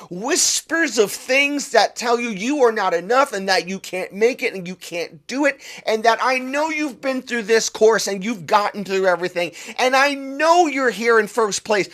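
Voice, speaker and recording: Fervent, slow-talking male podcast host. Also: extremely high pitch, sharp tone. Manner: fervent, urging direct address to listeners. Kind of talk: motivational monologue.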